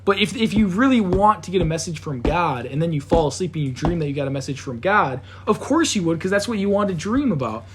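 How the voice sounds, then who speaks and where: A man's voice: fairly high pitch, animated, quick pace, few pauses, slight background noise. A young man on a podcast in casual chat, often stammering and repeating words as he thinks aloud. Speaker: podcast host.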